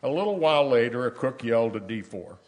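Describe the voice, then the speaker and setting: An older man from Tennessee, reading a personal letter aloud at a church service in a measured, storytelling way. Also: medium pitch, expressive, a little mellow. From Tennessee, US South.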